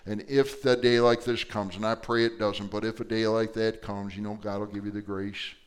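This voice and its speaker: A middle-aged male pastor preaching a sermon, moving from quiet storytelling to loud, emphatic passages. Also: on the low side, little pitch movement, moderate pace, clear, resonant tone.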